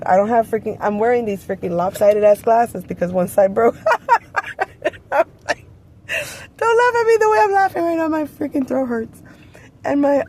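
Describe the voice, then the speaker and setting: A woman's voice: medium pitch, darkish tone, slight background noise. A woman in her thirties telling a story in a parked car, rambling, swearing and laughing as she goes. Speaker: vlogger. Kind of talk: casual storytelling.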